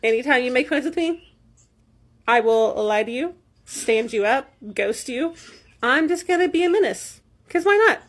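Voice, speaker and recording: A woman's voice: high-pitched, lively intonation, normal speed. A woman delivering a sarcastic, scheming selfie video rant.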